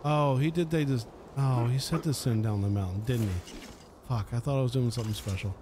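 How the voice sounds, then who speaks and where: A man's voice: medium pitch, a little fast, darkish tone, slight background noise. A man casually commenting on a video game as he plays, chatty and sarcastic, swearing freely. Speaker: let's play host. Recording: game music under the voice.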